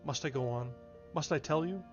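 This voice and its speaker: A man's voice: a little high, natural voice. A man reading as an anguished young woman. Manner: pleading, halting. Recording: slightly dull, faint music behind.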